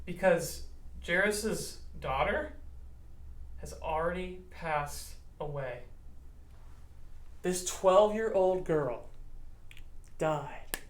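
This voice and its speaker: A male pastor giving a children's Bible lesson, telling the story in a playful, animated way and acting out the characters. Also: on the high side, drawn-out words, long pauses. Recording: roomy echo.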